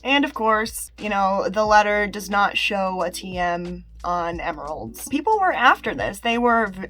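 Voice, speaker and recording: A woman's voice: medium pitch, fairly bright tone. A young woman giving casual YouTube commentary, chatty and emphatic, laughing mid-sentence.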